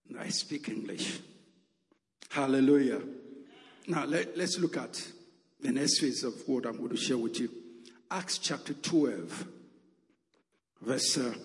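A man's voice: medium pitch, in a large hall. A man preaching a sermon with emphatic calls and repeated exclamations.

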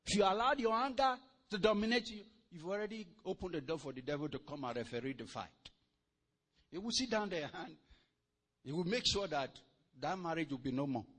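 A man preaching a sermon, reading scripture slowly and then breaking into animated, sometimes shouted exhortation with laughter. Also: fairly high pitch, slightly rough. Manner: animated, swings from quiet to loud and laughing.

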